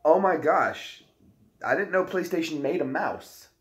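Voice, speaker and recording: A man's voice: a little high, lively intonation, unhurried. A man co-hosting a casual livestream chat, rambling and coughing often. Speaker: co-host. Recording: echoey room.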